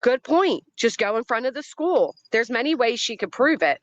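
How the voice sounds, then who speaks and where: A woman's voice: on the high side, very animated, moderate pace, dry recording, dull audio. A woman hosting a livestream who reacts to a clip, greets people in the chat, and picks apart what she hears with a skeptical, argumentative tone. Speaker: commentary livestream host.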